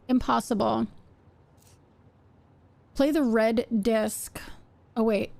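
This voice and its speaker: A young woman on a live game stream with a high voice and an unhurried way of talking. She chats playfully with her viewers and reacts loudly to what happens on screen. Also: fairly even intonation, gravelly.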